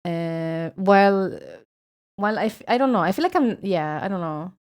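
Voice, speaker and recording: A woman's voice: medium pitch, animated, moderate pace, clean tone. A woman from Sweden with a Swedish accent, streaming and chatting casually with viewers in a rambling, swearing style.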